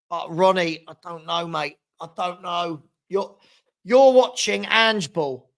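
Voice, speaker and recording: Calling the play during a live football watchalong, a man with a high, slightly bright, clean-toned voice groans at his team while chatting to viewers by name.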